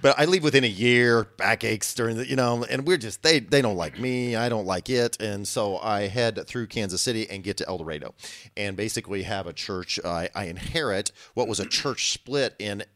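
A man in his fifties from Illinois, a guest pastor telling his story in a relaxed, folksy, joking way. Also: lowish voice, moderate pace, no room sound, clean studio sound. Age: 50s. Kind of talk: casual storytelling.

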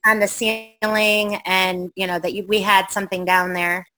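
A woman's voice: mid-range voice, flat delivery, moderate pace, sharp tone, rough recording. A middle-aged woman telling a spooky personal story in casual chat, rambling with fillers and acting out what people said. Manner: rambling, with many fillers and acted-out quotes. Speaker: guest telling a ghost story.

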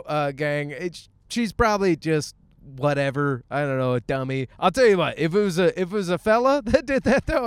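A young man hosting a solo podcast, ranting in a profane, animated way and laughing through his stories. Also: fairly high pitch, no room sound, studio quality. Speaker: podcast host.

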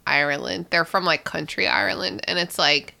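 Woman, podcast co-host, casual chat, animated, swears, bright tone. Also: low-pitched, moderate pace, creaky.

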